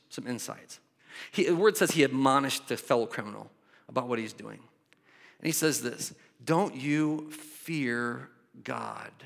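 A man preaching a sermon in an animated way, shifting from loud bursts to quiet asides. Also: fairly high pitch. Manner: animated, acts out voices, swings from loud to soft. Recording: long hall reverb.

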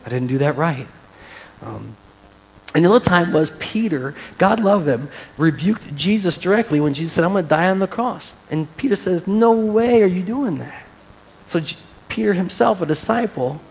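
A man's voice: mid-range voice, creaky, darkish tone, a little hiss or hum. A man preaching a sermon in a church, speaking in a loose, conversational way with fillers and small laughs. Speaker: pastor. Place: church hall.

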